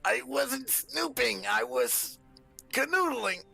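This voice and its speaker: A man putting on a squeaky, jittery little bear. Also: expressive, slow, gravelly, pushed and bright, breathy edge, soft background music, full character voice. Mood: yelping. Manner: squeaky, nervous, yelping. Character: small frightened pink talking bear.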